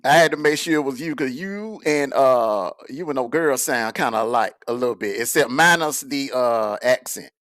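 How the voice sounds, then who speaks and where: A man's voice: medium pitch, lively intonation, moderate pace, few pauses, fairly bright tone, no echo, clean studio sound. A man hosting a live reaction stream, casually chatting with callers and brushing in brief affirmations. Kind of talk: casual chat.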